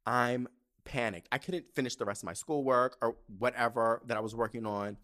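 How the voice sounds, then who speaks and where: A man in his thirties hosting a podcast, telling a story in a casual, animated way, cursing freely and laughing mid-sentence. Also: medium pitch, moderate pace. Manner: animated, profane, laughs mid-sentence, swings loud to hushed. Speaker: podcast host.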